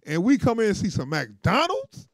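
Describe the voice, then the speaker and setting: A high-pitched man chatting casually as co-host, with a very lively, swooping voice. He laughs a lot and plays out the quotes he tells. The sound is dry and close. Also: normal speed, dry recording. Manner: animated, laughing, acts out quotes. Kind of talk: casual reaction chat.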